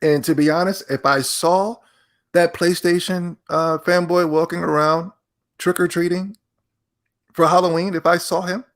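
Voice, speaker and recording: A young man hosting a gaming podcast, ranting in a mocking, giggly, excitable way. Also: sits high, moderate pace. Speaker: podcast host. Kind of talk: casual gaming podcast rant.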